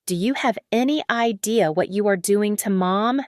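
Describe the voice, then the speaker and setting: A woman voicing a spoiled, entitled young woman who snaps and whines her demands in a shrill voice. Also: lively intonation, normal speed, no echo, clean studio sound, natural voice. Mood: shrill upset. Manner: shrill, snapping, whiny demands.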